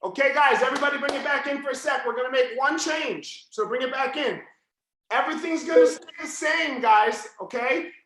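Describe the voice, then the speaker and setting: A man teaching a live online jiu-jitsu class, yelling his coaching cues as he walks students through each move. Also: extremely high pitch, brisk, heavy reverb, noisy background.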